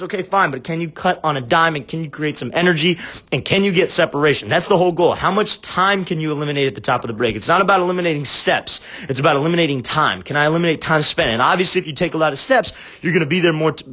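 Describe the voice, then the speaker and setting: Fast-talking young male football coach. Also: a little high, fairly bright tone, highs cut off. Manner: emphatic, rapid, keeps checking in with "right?". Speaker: football route-running coach. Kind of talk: film breakdown coaching.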